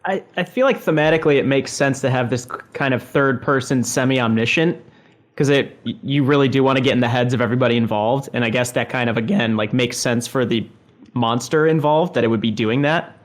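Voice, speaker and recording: A man co-hosting a podcast, talking in a measured way and slowly reading passages aloud. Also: medium pitch. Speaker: podcast co-host. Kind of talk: casual discussion and reading aloud.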